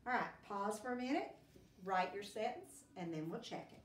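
A woman's voice: mid-range voice, big pitch swings, normal speed. A woman teacher giving a phonics lesson to young children, patiently sounding out words in chunks. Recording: roomy, distant classroom recording with faint hiss.

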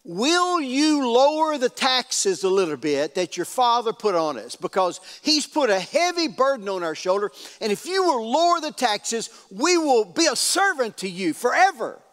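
A man's voice: high voice, wildly swooping pitch, moderate pace, hardly any pauses, husky, big-room sound, heavily acted. A man voicing tribal leaders who plead earnestly with a new king.

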